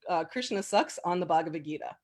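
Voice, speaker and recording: A woman's voice: on the low side, quick pace. A woman casually sharing personal memories as an interview guest, chatty and full of fillers, often laughing. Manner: animated when quoting people.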